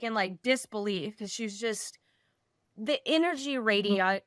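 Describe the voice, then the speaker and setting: A woman in her thirties co-hosting a podcast, telling a story in a gushing, animated way. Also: medium pitch, dry recording, clean studio sound. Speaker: podcast co-host. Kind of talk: casual podcast chat.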